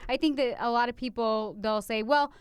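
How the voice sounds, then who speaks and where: Blunt woman podcast cohost in her 30s, high smooth voice, swears a lot, dry close mic. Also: moderate pace, no echo. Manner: blunt, swears freely, acts out her texts in chirpy voices. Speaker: podcast co-host. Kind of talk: casual chat.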